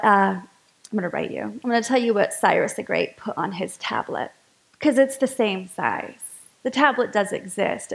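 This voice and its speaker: A woman's voice: mid-range voice, vocal fry, poor audio. A woman giving a chatty, enthusiastic sermon-style talk to a spiritual community gathering.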